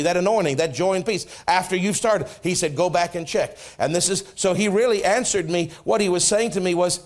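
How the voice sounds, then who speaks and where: A middle-aged man, a pastor preaching a sermon in a church, telling a personal story and acting out the dialogue, going soft and low for quoted words. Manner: animated storytelling, acts out prayers and dialogue, drops soft for quotes. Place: church sanctuary.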